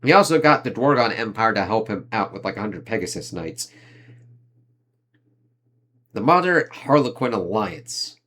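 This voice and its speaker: A man giving a casual, loose review of an anime season, swearing freely and leaning on fillers like "like" and "uh", with quick impressions of the characters he talks about. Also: fairly low pitch, lively intonation, a bit bright. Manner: rambling, profane, heavy on fillers like "like" and "uh".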